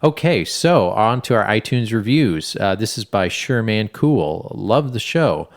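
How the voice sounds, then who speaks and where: A man's voice: fairly low pitch, lively intonation, unhurried. A man co-hosting a video game podcast, chatting casually and rambling with restarts. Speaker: podcast co-host. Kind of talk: casual chat.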